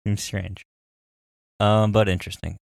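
An easygoing man co-hosting a podcast, often laughing and mulling over guesses out loud. His voice sits very low. The sound is close and dry. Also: level tone, unhurried, creaky, no room sound. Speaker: podcast co-host. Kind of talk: casual chat.

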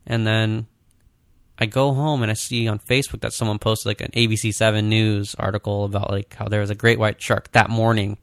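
Man, low gravelly voice, rambling casual anecdotes, dry close mic. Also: flat delivery, brisk, no room sound. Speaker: podcast co-host. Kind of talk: casual chat, storytelling.

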